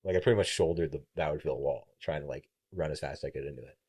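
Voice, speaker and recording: A man's voice: rumbling low, quick pace, husky. A young man, a college baseball player, guest on a podcast, telling a story casually and acting out what people said, with plenty of swearing. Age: young adult. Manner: animated, acts out quoted voices, swears freely.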